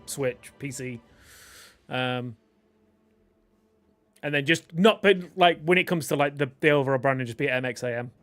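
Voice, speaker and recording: A man's voice: a little high, bright, forceful tone. A man co-hosting a casual gaming podcast, joking and teasing the others. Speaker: podcast co-host. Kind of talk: casual group chat.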